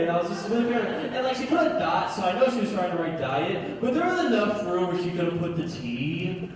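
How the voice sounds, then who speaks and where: A young man performs stand-up, his fairly high voice carrying through a big echoey hall. He is caught from far off, with a faint hiss underneath. He slips into quoted voices and chuckles along with his own punchlines. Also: big pitch swings, quick pace, crowd noise. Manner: storytelling, acts out quoted voices, laughs at his own jokes. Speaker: stand-up comedian. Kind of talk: stand-up comedy set. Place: large hall, recorded from far off. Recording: echoey hall, distant mic, faint noise.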